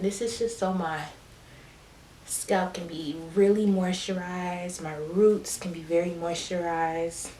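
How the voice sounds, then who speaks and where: A woman's voice: lowish voice, a little mellow, echoey room, slight background noise. A woman vlogger chatting casually and encouragingly to her viewers as she shows a hair routine. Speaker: beauty vlogger. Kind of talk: casual how-to chat.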